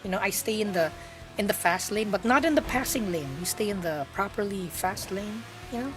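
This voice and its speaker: A woman's voice: mid-range voice, a little fast, music in the background. A young woman, chatting playfully to her live-stream audience while gaming and laughing often.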